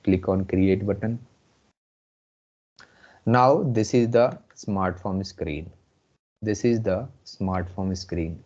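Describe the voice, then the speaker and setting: Man, Indian English accent, slow, repetitive, low mellow voice, muffled call audio. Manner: slow, repeats phrases often. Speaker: instructor. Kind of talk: live online class.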